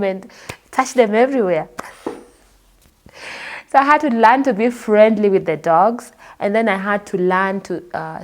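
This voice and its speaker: A woman from Kenya with a Kenyan accent, a guest telling her personal story in an expressive way and acting out the people she quotes. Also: medium pitch. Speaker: interview guest.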